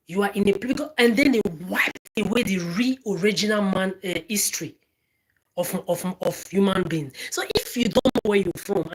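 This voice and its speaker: A woman's voice: mid-range voice, poor audio. A woman from Nigeria, delivering an angry, profane, repetitive monologue to camera. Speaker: social media ranter.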